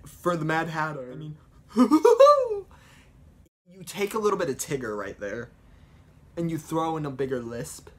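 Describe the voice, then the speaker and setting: A man's voice: on the high side, animated, normal speed. A young man chatting casually about voice impressions, rambling and explaining with many fillers. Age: young adult. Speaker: vlogger doing voice impressions. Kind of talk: casual chat.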